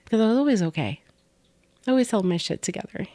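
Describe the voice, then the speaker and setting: A woman's voice: medium pitch, expressive, fast talker, dry recording. A middle-aged woman co-hosting a podcast, candidly telling a personal story and sometimes dropping to a whisper. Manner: candid, soft-spoken, drops to whispers on painful moments. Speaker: podcast co-host.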